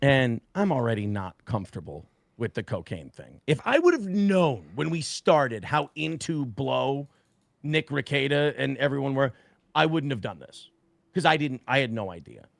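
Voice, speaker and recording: Gravelly man telling a story, animated. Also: mid-range voice, moderate pace, no echo, studio quality. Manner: profane, animated retelling with acted quotes. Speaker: guest storyteller. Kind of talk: casual podcast storytelling.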